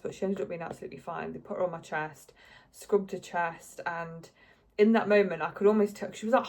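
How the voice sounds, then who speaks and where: A woman's voice: mid-range voice, a little mellow. A young woman telling her story in a chatty, emotional way to camera, with lots of fillers. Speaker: vlogger.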